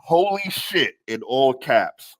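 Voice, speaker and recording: A man guesting on a comedy podcast, telling a story in an animated, casual way, often laughing mid-sentence and stumbling into restarts. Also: mid-range voice, takes it slowly, breathy edge, dry recording. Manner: animated, often laughing through his words, stammering restarts.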